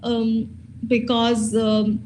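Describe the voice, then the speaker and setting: Candid woman in her thirties, halting. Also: a little high, monotone, a little mellow, a little hiss or hum, poor audio. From India. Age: 30s. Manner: candid, halting, many fillers and restarts. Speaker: panel speaker. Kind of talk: personal testimony at a conference.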